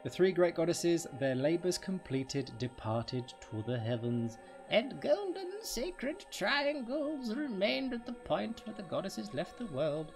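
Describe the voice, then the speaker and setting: A man voicing an ancient, dying male guardian tree in a slow, grand storybook reading. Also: sits high, big pitch swings, gravelly, music in the background, pitched above the performer's own voice, full character voice. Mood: solemn.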